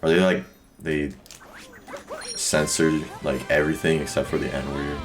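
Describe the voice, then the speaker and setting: A man's voice: very deep voice, flat delivery, unhurried. A young man streaming a speedrun, chatting loosely with viewers and filling his talk with "like". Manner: rambling, full of "like" fillers. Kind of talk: casual chat with stream chat. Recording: loud game music behind voice.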